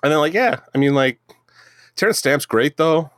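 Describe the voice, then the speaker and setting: Co-hosting a casual movie review podcast, a man rambles in a sarcastic, profane style. His fairly high voice has lively intonation and a fairly bright tone at a moderate pace, captured in a dry, studio-quality recording.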